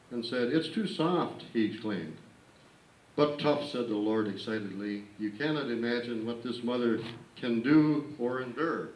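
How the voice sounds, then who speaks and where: A man reading a sentimental tribute aloud, lifting his voice for the quoted lines. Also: mid-range voice. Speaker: family member reading a tribute. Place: indoor family birthday party. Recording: echoey room, distant camcorder mic, faint hiss.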